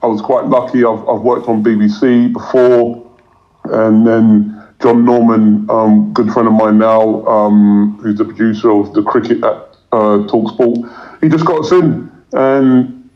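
A man talks in a casual interview, his voice level and steady with little rise or fall. He rambles, stumbling over repeated words and fillers. The recording sounds dull and lo-fi. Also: on the low side, unhurried. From England. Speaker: cricket commentator guest.

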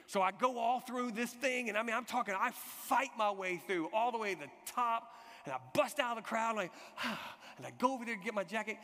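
A man preaching a sermon, telling an animated personal story and acting out the people in it. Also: very high-pitched, fairly quick. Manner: animated storytelling, shouts acted quotes. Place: church hall. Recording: long hall reverb.

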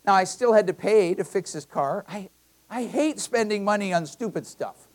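A man's voice: sits high, lively intonation, normal speed. Male pastor preaching a conversational sermon. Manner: conversational preaching with personal anecdotes; emphatic, repeats key phrases. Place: church.

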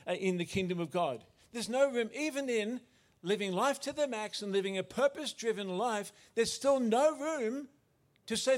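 A man's voice: sits high, normal speed. A man preaching a sermon as pastor, earnest, often restarting and correcting himself.

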